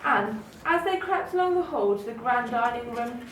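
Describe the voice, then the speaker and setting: A woman reading a children's story aloud in a gentle, expressive way. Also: a little high, moderate pace, a little hiss or hum. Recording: roomy, distant mic, faint ambience.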